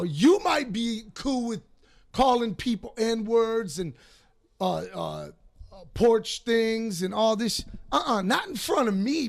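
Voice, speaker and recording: A man with a Detroit accent tells stories on a podcast, profane and animated. His voice sits high, with a deep gravelly fry running through it. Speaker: podcast host. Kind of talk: casual storytelling.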